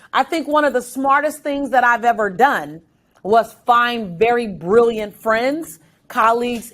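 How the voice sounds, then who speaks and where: A woman guest in a casual interview, telling stories with lively, acted-out quotes and frequent laughter. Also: on the high side. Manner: animated storyteller, acts out quotes.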